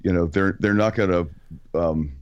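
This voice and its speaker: A man co-hosting a podcast, chatting casually and deliberately, pausing to search for words. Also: sits low, clean tone, no echo, dull audio. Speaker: podcast co-host. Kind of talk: casual interview chat.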